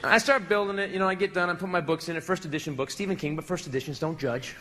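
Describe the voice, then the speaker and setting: A male stand-up comedian telling a story on stage in a brash, self-mocking and animated way. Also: high-pitched, fast, a little hiss or hum.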